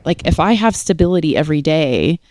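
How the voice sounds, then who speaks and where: Blunt low-voiced woman, swears freely. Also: lively intonation, fairly quick, darkish tone, no room sound, clean studio sound. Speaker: guest, tarot reader. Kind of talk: casual podcast conversation.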